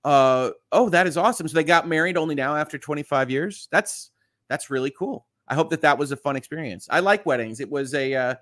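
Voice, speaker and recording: A lawyer from Southeast Michigan hosts a casual live stream, reading viewer comments aloud in a chatty manner full of fillers. His voice is on the high side, a little fast, fairly bright, with lively intonation, in clean studio sound without echo.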